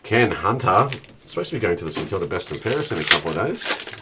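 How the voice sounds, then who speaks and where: Very deep-voiced Australian host. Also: male voice, fast talker. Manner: banter, calling out cards and numbers. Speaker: live card-break host. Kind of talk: casual live-stream chat. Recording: steady background noise.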